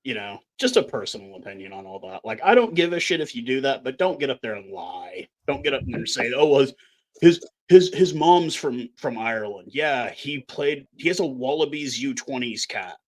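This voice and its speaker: A man's voice: medium pitch, lively intonation, brisk, few pauses, fairly bright tone. A man from Canada co-hosting a casual podcast, talking bluntly and ranting with plenty of swearing. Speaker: podcast co-host. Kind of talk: casual chat.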